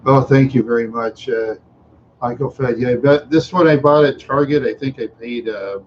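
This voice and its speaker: A man's voice: medium pitch, normal speed, highs cut off, a little hiss or hum. A tired, yawning man hosting a casual livestream chat, rambling along with many fillers and trailing asides. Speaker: livestream host.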